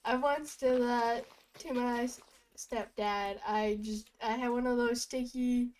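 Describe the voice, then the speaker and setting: Young woman streamer rambling slow and goofy, faint hiss behind. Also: a little high, fairly even intonation, a little mellow, low-quality recording. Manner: chatty, goofy storytelling with bursts of laughter. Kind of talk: rambling casual chat while gaming.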